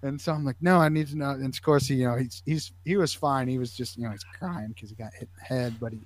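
Man, casual guest storyteller, lively and filler-heavy, dry studio sound. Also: medium pitch, fast talker, no room sound. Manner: animated, acts out voices, many fillers. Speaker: athletic trainer and podcast guest.

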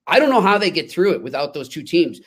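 A man co-hosting a casual sports podcast, his voice sitting a little high for a man. He tells stories with animated emphasis, leaning hard on key words. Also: quick pace, breathy edge. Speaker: podcast co-host.

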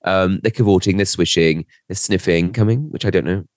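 Low-voiced man telling a rambling story. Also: brisk, no echo, studio quality. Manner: rambling storyteller, self-mocking, trails off. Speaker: podcast co-host. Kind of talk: casual chat.

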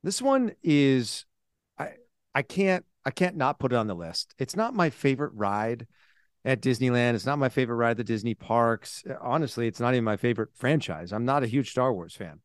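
A man's voice: medium pitch, animated, moderate pace, no room sound, clean studio sound. A man co-hosting a podcast in casual, enthusiastic chat into a podcast microphone. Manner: enthusiastic and upbeat. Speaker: podcast co-host.

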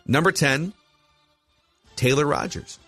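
A man's voice: on the high side, slow pace, fairly bright tone, faint music behind. A man in his forties with a Minnesota accent, hosting a casual sports podcast and eagerly running through rankings. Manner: enthusiastic, lists rankings. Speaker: podcast host.

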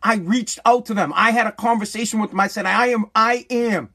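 A man with a strikingly high-pitched voice rants straight into the camera in a vlog. He swears freely, gets worked up and stumbles over repeated words as he talks as a small business owner. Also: fairly even intonation, brisk, bright, forceful tone. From United States. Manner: profane, agitated, stammering repeats. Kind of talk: ranting vlog monologue.

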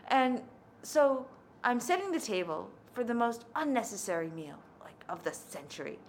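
A woman's voice: medium pitch, a little fast. A woman tells a personal story in a candid, conversational manner, with a mid-range voice. There is a faint hum of noise behind her. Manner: conversational, candid, lively in quoted speech.

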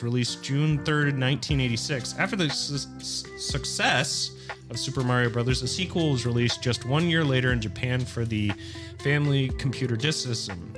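A man co-hosting a casual podcast, chatting and reading game history notes with light chuckles. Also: medium pitch. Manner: relaxed, reads dates and facts, chuckles. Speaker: podcast co-host.

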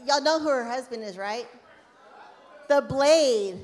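A woman hosts a live podcast with gushing enthusiasm. Her voice sits high, and the sound rings with the long reverb of a large hall. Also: takes it slowly, a faint crowd. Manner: enthusiastic, gushing, Southern "y'all". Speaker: podcast host. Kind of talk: casual live podcast chat. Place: live event hall with audience.

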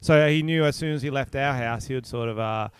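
Smooth-voiced man telling stories. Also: mid-range voice, fast talker, no echo. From Australia. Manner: laid-back storytelling with frequent laughs. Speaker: podcast host. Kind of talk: casual chat.

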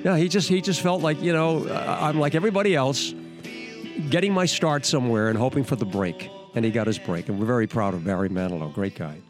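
A man's voice: medium pitch, fairly quick, music in the background. An older man, a veteran news anchor, hosting a podcast and telling stories with enthusiasm and frequent restarts. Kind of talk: podcast storytelling.

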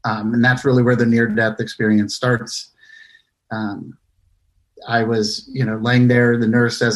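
A young man tells his own near-death story, his voice held in a narrow, flat range. He pauses often and restarts his sentences as he speaks with earnest care. His pitch sits in an ordinary middle register. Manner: halting, many fillers and restarts, earnest. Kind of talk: personal story told in casual talk.

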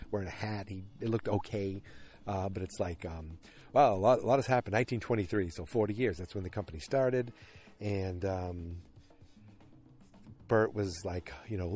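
Rambling tired man recapping casually. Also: lowish voice. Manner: rambling, filler-heavy, animated retelling.

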